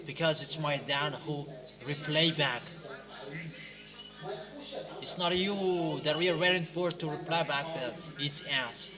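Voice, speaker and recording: High-voiced man preaching slowly over music. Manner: exhorting, rising to loud emphatic commands then dropping low. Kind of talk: sermon. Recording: clear music playing behind the voice.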